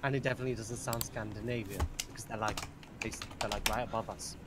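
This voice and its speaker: A man's voice: on the low side, steady tone, fast talker. A young man chatting casually while gaming on a stream, telling rambling stories and swearing freely. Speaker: gamer chatting on a live stream. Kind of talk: casual chat. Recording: noisy online voice chat.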